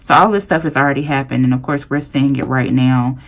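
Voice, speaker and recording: A woman's voice: extremely low pitch, fairly quick. A young woman, ranting to her viewers in a casual, chatty way while she plans her week. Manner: animated, talks straight to viewers with southern-style slang. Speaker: planner vlogger.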